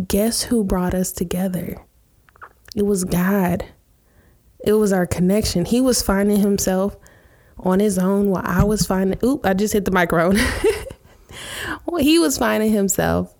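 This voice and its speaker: Casting: unhurried woman host, warm-hearted chat, laughs and gets teary. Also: medium pitch. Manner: emotional, laughing, says y'all. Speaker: podcast host. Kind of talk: casual podcast chat.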